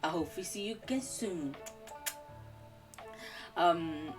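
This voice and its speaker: Giggly English woman streamer, lively. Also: lowish voice, takes it slowly, music in the background. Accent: standard English. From England. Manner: giggly, chatty, teasing. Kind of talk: casual live-stream chat while gaming.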